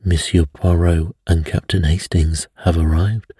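A man reading a bedtime story voices a grave, steadfast British museum expert who speaks in a measured, formal way. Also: sits low, steady tone, mellow, slightly rough, dry recording, studio quality, heavily acted.

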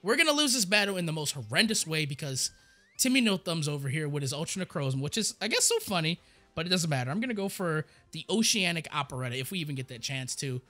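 A young man giving casual, rambling gameplay commentary, excitable and stammering as he repeats words. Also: a little high, fast talker. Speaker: gaming YouTuber.

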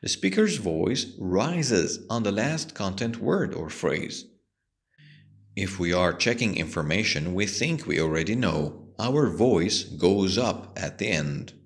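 A man teaching an English lesson, explaining patiently and slowly with a strongly rising and falling voice. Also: low voice, animated.

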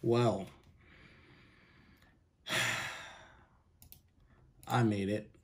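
Chill guy reacting to clips, slow and mellow, a bit boastful. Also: fairly low pitch, fairly even intonation. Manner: boastful, laid-back. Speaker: reaction video host. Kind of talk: casual chat.

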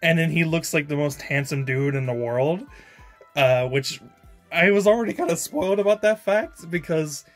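A man's voice: fairly high pitch, moderate pace. A man giving a casual episode review, chatty and laughing often, with lots of fillers and casual swearing. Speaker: anime reviewer. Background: faint background music.

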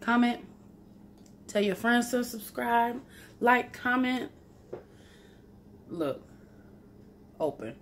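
Slow-talking chatty woman vlogger. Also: fairly high pitch, expressive, slight background noise. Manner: chatty, playful, laughs at herself. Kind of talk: casual cooking vlog. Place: home kitchen.

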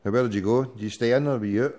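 A man runs a loose call-in show, ribbing callers and cursing through it. His voice sits at an ordinary pitch with a dark, mellow tone. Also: racing. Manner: swears heavily, teasing banter. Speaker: radio show host. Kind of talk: casual call-in chat.

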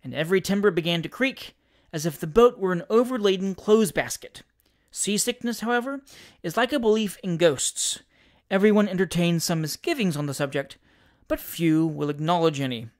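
An audiobook reader narrating a classic comic story with wry, expressive storytelling. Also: medium pitch, normal speed.

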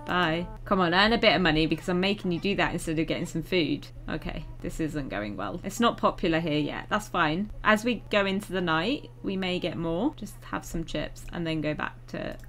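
A woman's voice: on the low side, expressive, fairly quick, hardly any pauses, fairly bright tone. A young woman chatting casually through a life-sim game, chatty and self-mocking, swearing now and then when annoyed. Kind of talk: casual gameplay commentary.

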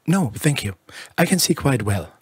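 A man reading aloud, voicing a giddy young wife and mother who speaks in a breathless, excitable, effusive way. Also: mid-range voice, moderate pace, husky, no room sound, studio quality. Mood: calm.

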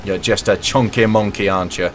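With fairly low pitch and fairly even intonation, a young let's play host talks quickly and casually through his gameplay. He jokes, hums and speaks to the game characters while soft music plays behind him.

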